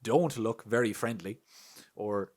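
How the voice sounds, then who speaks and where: This is a young Irish man co-hosting a relaxed podcast, his voice sitting on the low side. He tells stories with plenty of swearing and laughter, and bursts into loud put-on voices when he quotes people. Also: slow. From Ireland. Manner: animated, swearing, laughs often, acts out quotes loudly. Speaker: podcast co-host. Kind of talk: casual podcast chat.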